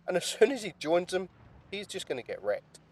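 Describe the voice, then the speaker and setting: A man's voice: sits high, brisk. Chatty man commentating a game replay. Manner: chatty, lively play-by-play with casual swearing. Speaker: gaming YouTuber.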